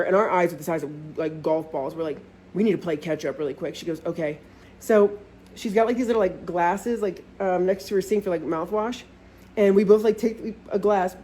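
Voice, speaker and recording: A woman's voice: mid-range voice, mellow. A young woman telling a casual storytime vlog, chatty and swearing a lot, with plenty of "like" fillers.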